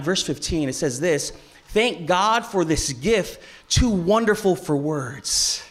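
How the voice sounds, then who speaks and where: High-voiced pastor hyping a crowd. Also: male voice. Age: 30s. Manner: lively, playful crowd work with call-and-response. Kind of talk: family church service sermon. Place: large church auditorium.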